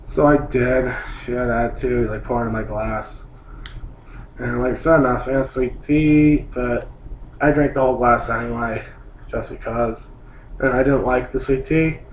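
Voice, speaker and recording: A man's voice: medium pitch, fairly even intonation, moderate pace. A young man telling an annoyed, rambling story about a trip, swearing and saying "like" a lot. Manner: annoyed, complaining, swears, rambling with many likes. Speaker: vlogger. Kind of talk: casual ranting story. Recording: roomy echo, faint hum.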